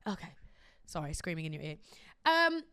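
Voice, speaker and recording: A woman hosting her own podcast, chatting casually and telling animated stories with lots of laughter. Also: low-pitched, normal speed, clean tone, no echo, studio quality. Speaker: podcast host. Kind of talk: casual chat.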